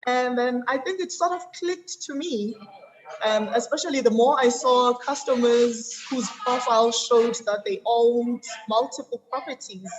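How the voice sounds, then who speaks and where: A South African woman in her thirties tells her story in an interview. Her voice sits a little high, and she moves through the details at a measured pace, filling the gaps with ums. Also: highs cut off, a crowd in the background. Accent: South African English. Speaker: guest. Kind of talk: interview conversation.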